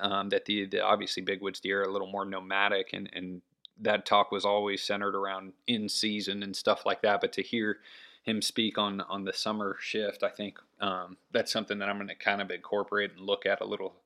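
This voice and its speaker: A man talks on his own in a loose, unscripted way, circling back with fillers and restarts. His voice sits a little low and stays bright and forward. The delivery is fairly even, with little rise and fall. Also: normal speed. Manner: rambling, many fillers and restarts. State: has the hiccups. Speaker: hunting podcast host. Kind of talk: casual solo talk.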